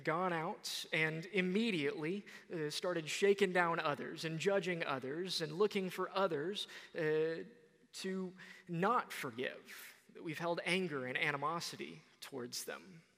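A young man preaching a sermon, retelling a parable in a conversational, animated way. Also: on the high side, creaky, big-room sound. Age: young adult.

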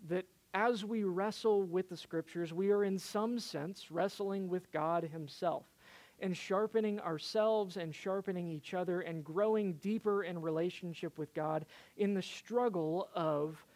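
Preacher, sermon storytelling, hesitant delivery with fillers, mid-pitched voice. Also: unhurried, a little mellow. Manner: hesitant, lots of "uh" fillers and restarts.

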